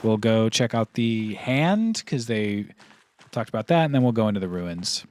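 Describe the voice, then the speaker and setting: A man's voice: lowish voice, lively intonation, normal speed, darkish tone, slight background noise. A man giving casual, joking let's play commentary while streaming a game. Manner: casual, joking asides between read dialogue.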